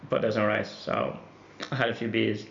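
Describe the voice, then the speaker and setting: Male podcast co-host from the Netherlands, easygoing, gravelly, dull roomy recording. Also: fairly low pitch, flat delivery, moderate pace, a bit bright, slight background noise. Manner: laid-back, swears casually. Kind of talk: casual chat. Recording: dull echoey room recording.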